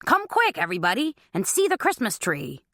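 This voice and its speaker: Woman voicing stubborn older father, boastful, cheerful, lively pitch, dry close sound. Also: moderate pace, dry recording. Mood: proud.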